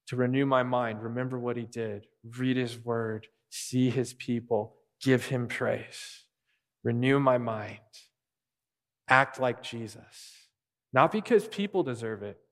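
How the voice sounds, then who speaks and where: A man preaching a sermon as pastor, earnest and repeating key phrases for emphasis. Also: mid-range voice. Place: church sanctuary. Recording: long reverb of a large hall.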